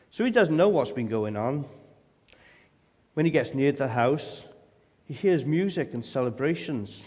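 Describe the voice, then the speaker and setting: A man's voice: mid-range voice, darkish tone. Male preacher, emphatic, asks rhetorical questions, voice rings in a long-reverb hall. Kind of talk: sermon.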